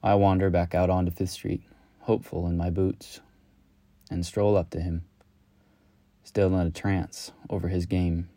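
Man, very low voice, dark tone, reflective storyteller, measured delivery. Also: level tone, no room sound. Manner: slow, measured, lyrical. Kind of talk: reflective spoken-word storytelling.

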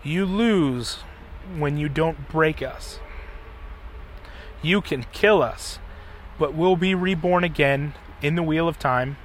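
Guy doing a resolute young hero, solemn and defiant, kinda high voice. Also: slow, a little hiss or hum.

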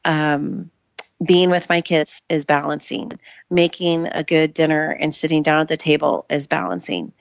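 Brief: woman guest, very low voice, thoughtful and measured, lo-fi dry remote sound. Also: little pitch movement, creaky, no room sound. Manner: thoughtful, measured, restarts phrases. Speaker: Ayurvedic practitioner guest. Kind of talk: casual interview chat.

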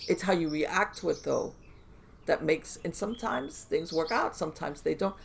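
Animated gravelly-voiced woman rambling. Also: sits low, moderate pace. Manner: animated, rambling, full of fillers and restarts. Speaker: podcast guest. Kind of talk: casual conversational storytelling.

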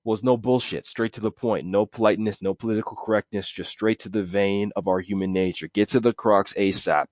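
A man's voice: on the low side, fairly even intonation, brisk, hardly any pauses, darkish tone, no room sound, clean studio sound. A man hosting a casual solo podcast, rambling and correcting himself as he talks. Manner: rambling, self-correcting, with chuckles. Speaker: podcast host.

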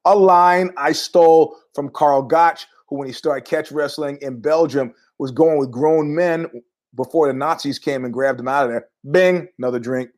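A man's voice: a little high, normal speed, darkish tone. A middle-aged man hosting a podcast, telling rambling, jokey stories in a casual monologue with asides. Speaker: podcast host.

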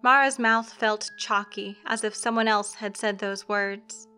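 A woman narrates a scripted story at a measured, even pace. Her voice is bright and clear. Faint instrumental music runs behind her reading. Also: mid-range voice.

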